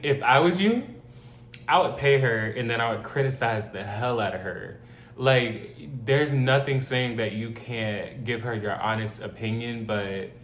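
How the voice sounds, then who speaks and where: A man's voice: medium pitch, a bit bright. A man reading a story aloud and reacting to it in casual commentary, blunt and opinionated with joking asides. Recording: roomy echo, faint hum.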